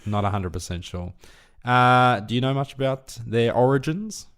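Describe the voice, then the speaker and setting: A man's voice: mid-range voice, normal speed, fairly bright tone, clear, resonant tone. A young Australian man co-hosting a podcast, telling stories in a laid-back, dry way. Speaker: podcast co-host. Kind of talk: casual chat.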